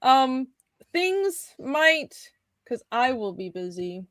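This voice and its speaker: A woman's voice: high voice, very animated, takes it slowly, a bit bright, no room sound. A woman co-hosting a comics livestream, chatting casually in a rambling way that trails off and restarts. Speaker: co-host and comic artist.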